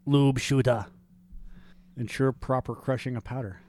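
Male podcast co-host, average pitch, crude and laughing, reads posts with mock formality. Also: steady tone, a little slow, darkish tone. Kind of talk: casual comedic chat, reading listener posts aloud.

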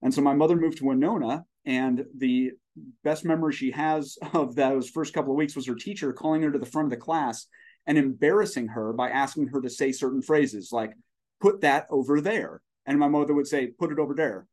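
A man's voice: mid-range voice, fairly quick, a little mellow. A man in his forties, a startup CEO guest on a podcast, talking in an expansive, folksy way with long storytelling tangents. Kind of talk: conversational podcast interview.

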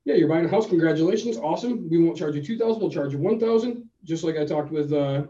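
A man co-hosting a podcast, telling a story in a casual, animated way and acting out both sides of the conversation. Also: fairly high pitch, fast. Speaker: podcast co-host. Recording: roomy, distant, dull sound.

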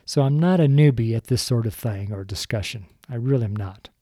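A man's voice: medium pitch, fairly quick, dark tone, no room sound, studio quality. An older man, a longtime street preacher, giving a sermon into a microphone, stumbling over his words and chuckling at himself. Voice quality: stumbling, self-deprecating, chuckling often. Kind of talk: recorded sermon show. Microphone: studio microphone.

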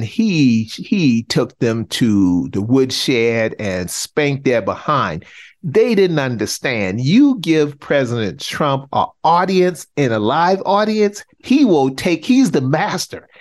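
A middle-aged man from South Carolina co-hosting a political podcast, talking in an animated, teasing, showman-like way. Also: mid-range voice. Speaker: podcast co-host. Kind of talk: casual political chat.

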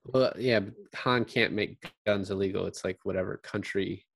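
A gravelly, husky man with a fairly low pitch speaks at a moderate pace in a dry recording. As a podcast co-host, he chats casually about a film, rambling and animatedly quoting the characters in their voices.

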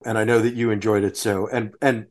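A man's voice: lowish voice, fairly quick. A man hosting a podcast, chatting casually and listing dishes with frequent restarts. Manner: relaxed, restarts phrases while listing dishes. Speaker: podcast host. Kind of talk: casual chat.

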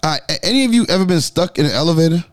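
A man hosting a podcast, reading news stories in a lively, joking way. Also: fairly high pitch, very fast, music in the background. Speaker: podcast host. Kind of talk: casual podcast news chat.

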